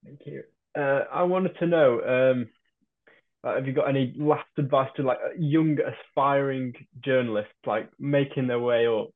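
A man's voice: mid-range voice, a little slow. A young man, a student interviewer, asking a question hesitantly with many fillers. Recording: tinny phone-like line, from far off.

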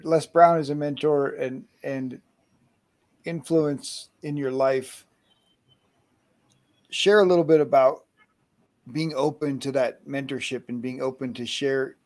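A male host putting long, unhurried questions to his guests. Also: mid-range voice, fairly even intonation, darkish tone. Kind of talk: interview questions.

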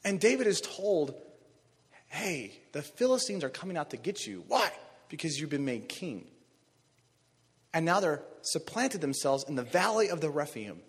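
A man preaching a sermon, telling a story with animated energy and rising to shouts on key phrases. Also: fairly high pitch, normal speed, slightly rough. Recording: long reverb of a large hall.

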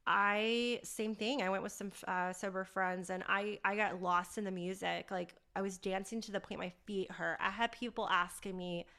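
A woman's voice: medium pitch, steady tone, moderate pace, few pauses, bright, forceful tone. A woman hosting a podcast, telling a personal story candidly and with animation. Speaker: podcast host.

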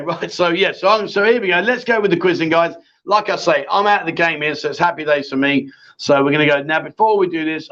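A man's voice: a little high, fairly bright tone. A man hosting a casual live-stream chat show, chatty and bantering with his co-host. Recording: dull lo-fi stream audio.

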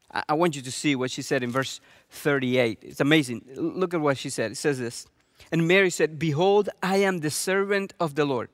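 A man's voice: mid-range voice, no echo, clean studio sound. A man preaching a sermon with earnest energy and lots of rhetorical questions. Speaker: pastor.

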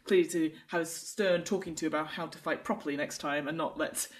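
Animated woman running a tabletop game, lower pitch. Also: a little fast. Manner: animated, laughing often, playful. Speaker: game master.

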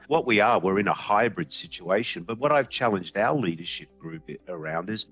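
Low-voiced aussie ceo guy telling stories, folksy, kinda muffled recording. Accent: Australian. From Australia. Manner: animated, folksy storyteller who acts out quotes. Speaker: company CEO guest. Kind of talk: interview conversation.

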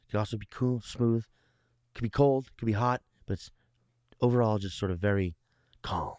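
A man's voice: lowish voice, moderate pace, a little mellow, no echo, studio quality. A man talking casually, rambling and joking with lots of fillers, restarts and swearing. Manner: rambling, searching for words with many fillers and restarts; profane, joking. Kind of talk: casual conversation.

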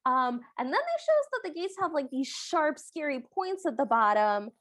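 High-voiced woman recapping a film. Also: moderate pace. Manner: animated, acts out characters' lines while retelling. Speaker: podcast co-host. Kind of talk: casual chat recapping a film.

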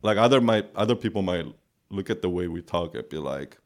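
A man co-hosting a podcast in casual chat, with a calm, soothing voice and a rambling manner full of filler words. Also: sits low, fairly quick. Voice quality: calm voice that listeners find soothing. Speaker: podcast co-host.

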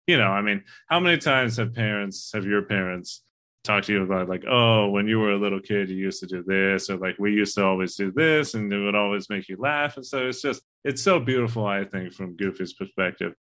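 A man's voice: fairly low pitch, brisk, pushed and bright. A man co-hosting a casual movie discussion, talking in an earnest, rambling way and swearing casually. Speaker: podcast co-host.

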